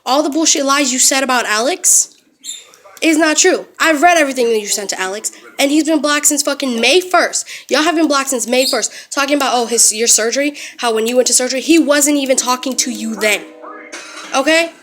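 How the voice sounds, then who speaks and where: Angry young woman ranting, higher voice. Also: a little fast, fairly bright tone. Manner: angry, cursing, sarcastic quoting. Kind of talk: angry confrontational rant to family.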